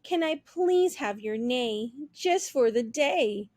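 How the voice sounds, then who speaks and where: A woman voicing an insecure young female turkey who pleads and complains in a high squeaky voice. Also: expressive, slow pace, a little mellow, no room sound, studio quality. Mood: pleading.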